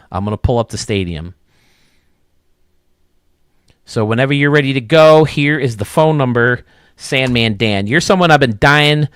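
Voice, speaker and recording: A man hosting a video game stadium show, chatting casually and excitably, with lots of restarts. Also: lowish voice, no room sound, clean studio sound. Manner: rambling, excitable, many restarts. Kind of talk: casual chat.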